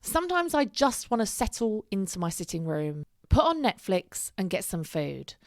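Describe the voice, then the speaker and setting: A woman's voice: mid-range voice, sing-song, moderate pace, dry recording, clean studio sound. A young woman and mother of three talking candidly in a casual vlog, chatty and full of "like", with casual swearing. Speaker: single mother vlogger.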